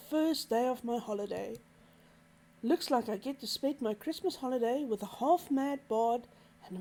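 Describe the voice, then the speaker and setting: A woman's voice: fairly high pitch, warm tone. A woman streamer reading a visual novel aloud in an easygoing way. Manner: easygoing, chatty asides.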